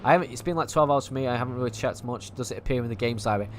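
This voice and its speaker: Mancunian guy rambling through a game, mid pitch, easygoing chatter. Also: racing, a little hiss or hum. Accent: Manchester. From England. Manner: chatty, thinking aloud, mildly sweary. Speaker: gaming streamer. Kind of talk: casual gameplay commentary.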